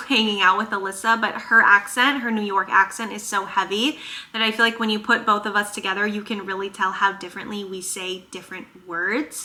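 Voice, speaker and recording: A young woman from northern Minnesota, a chiropractor chatting casually to her vlog audience, animated and emphatic. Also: mid-range voice. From northern Minnesota, USA. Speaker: chiropractor and vlogger. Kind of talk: casual get-to-know-me chat.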